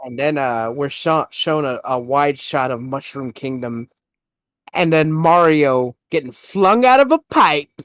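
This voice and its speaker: A young man co-hosting a podcast, excitedly retelling a movie trailer in casual, swear-laden chat. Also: fairly high pitch, a little slow, no room sound, studio quality. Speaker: podcast co-host.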